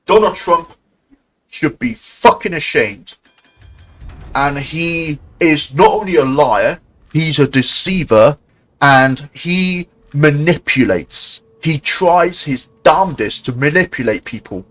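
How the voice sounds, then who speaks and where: In a low-quality recording, a man with a slightly high, expressive, fairly bright voice rages on his live stream. He curses a lot and trips through many restarts, his delivery heated and halting.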